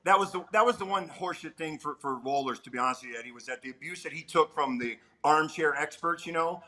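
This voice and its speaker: Fast, bright-voiced middle-aged man. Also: a little high, poor audio. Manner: animated, peppers talk with "man". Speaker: former pitcher, guest. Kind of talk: casual storytelling chat.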